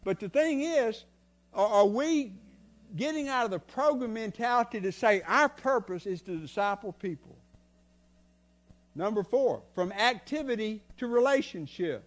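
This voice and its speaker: An older man preaches from the pulpit in a folksy, story-driven way. His voice sits high for a man and swings from quiet, confiding asides to loud bursts. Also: animated, unhurried. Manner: folksy, tells stories, swings from soft to loud. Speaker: guest preacher. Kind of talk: sermon. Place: church sanctuary.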